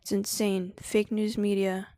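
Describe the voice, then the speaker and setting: A woman's voice: medium pitch, level tone, a little slow, mellow, no room sound. A woman hosting a casual live stream, slangy and laughing often as she answers chat and drifts into spiritual preaching. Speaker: livestream host.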